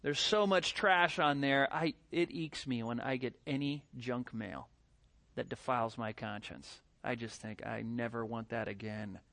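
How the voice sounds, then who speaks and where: A middle-aged man preaching a sermon as pastor, animated, with rhetorical questions and mimicked voices. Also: mid-range voice, measured pace, creaky.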